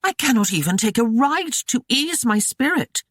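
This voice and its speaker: A reader voicing a shrill, scornful noblewoman. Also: expressive, measured pace, no room sound, clean studio sound. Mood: snarling. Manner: snarling, railing, scolding. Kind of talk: audiobook character voice.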